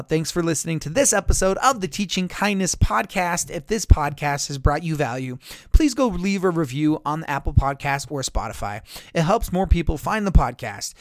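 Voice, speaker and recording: A man's voice: a little high, vocal fry, no echo, studio quality. A man hosting a solo parenting podcast, chatty and encouraging, often correcting himself mid-sentence. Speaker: podcast host. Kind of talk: casual solo podcast talk.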